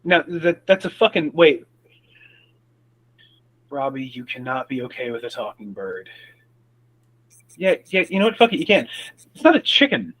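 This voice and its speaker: A man playing a tabletop role-playing game in character, excitable, swearing often and stumbling over restarts. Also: medium pitch, normal speed, long pauses, low-quality recording.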